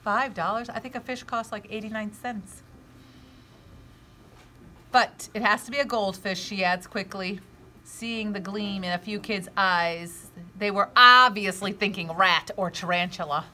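Expressive woman reading a children's book aloud. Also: medium pitch, a little slow, a little hiss or hum. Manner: expressive, with gasps and asides to young listeners.

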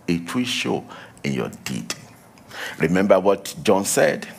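A male preacher delivering a sermon, emphatic, repeating key lines and dropping to a low hush for warnings. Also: big pitch swings, slow pace, creaky, a little hiss or hum.

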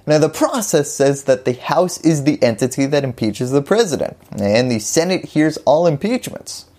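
A woman's voice: deep voice, lively intonation, normal speed, dark tone. A woman hosting a scripted political explainer, delivering it with wry, jokey asides.

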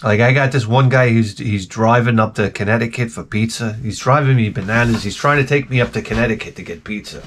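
A man's voice: mid-range voice, a little fast, hardly any pauses, a little hiss or hum. A man with a New York accent hosting his channel, ranting in an exasperated, sarcastic and profane comic way. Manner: exasperated and sarcastic, heavy swearing. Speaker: retro game channel host.

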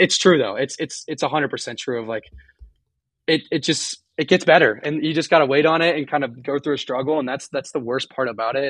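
Fast-talking young man, candid and rambling. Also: mid-range voice, a bit bright, dry recording. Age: young adult. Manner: rambling, halting with many restarts and fillers; earnest and openly emotional. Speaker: guest college runner. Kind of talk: candid podcast interview.

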